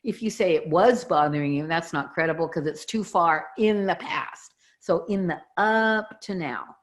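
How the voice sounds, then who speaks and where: A woman's voice: lowish voice, normal speed. A middle-aged woman, a communication expert, explaining her ideas as a guest in an interview and walking through examples. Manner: animated, teaching with examples.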